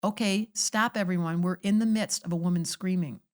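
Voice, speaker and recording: An older woman astrologer, a podcast guest telling animated, theatrical stories in casual conversation. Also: lowish voice, brisk. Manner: theatrical storytelling, acting out quoted voices.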